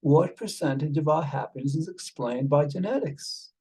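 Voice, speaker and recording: His voice sits a little high and sounds darkish and slightly rough, at a moderate pace, captured in a low-quality recording. He's a show host on a video call with an AI companion, faking a British accent and rambling casually, full of fillers, while addressing the listener as "mate."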